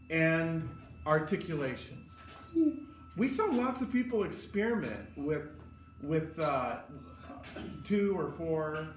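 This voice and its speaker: A man's voice: a little high, slight background noise. A man teaching choral conducting, giving feedback and singing short phrases to demonstrate. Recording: roomy hall, from a distance, with music.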